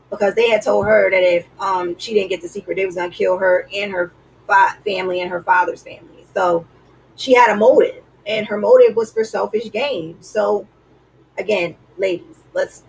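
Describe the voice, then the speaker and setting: A woman's voice: medium pitch, gravelly, slightly rough, recorded from a distance, low-quality recording. A woman vlogger giving earnest, preachy relationship advice in a casual way, with lots of "like".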